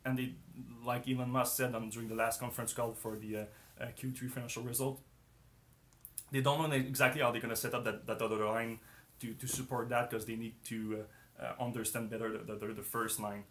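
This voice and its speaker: A man's voice: mid-range voice, level tone, fairly quick, a bit bright. A man hosting a casual live-stream discussion, talking hesitantly with many fillers and restarts, his voice strained as he loses it. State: losing his voice, clearing his throat. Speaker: host.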